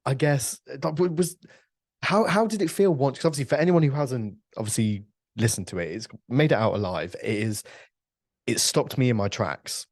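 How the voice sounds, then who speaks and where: A man's voice: medium pitch, normal speed, darkish tone, dry recording, studio quality. A man hosting a podcast, speaking earnestly and encouragingly, with lots of fillers. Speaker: podcast host. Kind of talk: casual interview chat.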